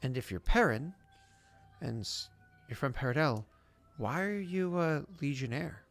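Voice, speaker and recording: A man's voice: a little high, animated, a little slow, soft background music, pitched above the performer's own voice. A man voicing a blunt, curious woman soldier. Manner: direct, questioning, mildly aggravated.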